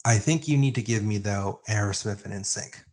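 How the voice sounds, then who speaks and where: A man co-hosting a music podcast, chatting casually and getting excited and openly emotional. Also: fairly low pitch, moderate pace. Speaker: podcast co-host. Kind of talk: casual music debate chat. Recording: remote call, own mic.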